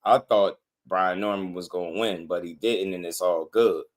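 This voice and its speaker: A man hosting a casual boxing livestream, slangy and excitable, laughing often as he talks to his chat. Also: sits low, moderate pace.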